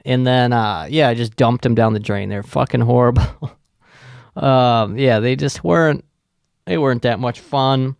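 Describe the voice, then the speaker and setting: A middle-aged man rants casually on his own podcast, swearing freely and mocking as he rambles. His voice has a gravelly rasp. He talks at a middle pitch, with a dry close sound. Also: measured pace, no room sound. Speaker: podcast host. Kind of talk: casual solo podcast rant.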